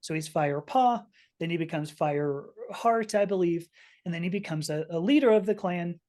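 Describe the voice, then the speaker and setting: A woman in her fifties with a somewhat low voice tells a personal story as a podcast guest. She talks earnestly and openly, often stumbling and restarting mid-sentence. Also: moderate pace, dark tone. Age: 50s. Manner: earnest, emotional, frequent restarts.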